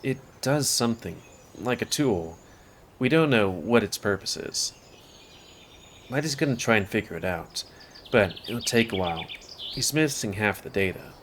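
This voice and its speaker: A man's voice: on the low side, animated, moderate pace, fairly bright tone, slight background noise. A man casually reading a visual novel aloud in first person, with offhand asides. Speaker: game streamer.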